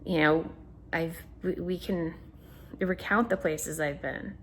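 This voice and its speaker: A woman's voice: on the low side, steady tone, slow, a little hiss or hum. A woman talking casually in a video diary, chatty and rambling, often restarting her sentences and talking to her dog. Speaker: vlogger.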